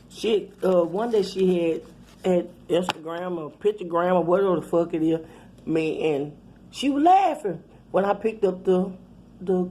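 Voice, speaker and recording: Middle-aged woman host, animated profane storyteller, low voice, faint background noise. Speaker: channel host. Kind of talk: casual storytime.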